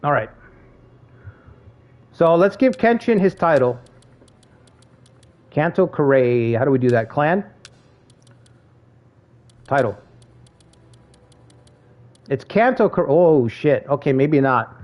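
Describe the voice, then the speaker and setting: A man streaming a strategy game, telling stories in a casual, animated way and swearing freely. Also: fairly high pitch, slow pace, pauses often. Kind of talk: casual gaming stream chat. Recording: dull lo-fi stream audio with faint game music.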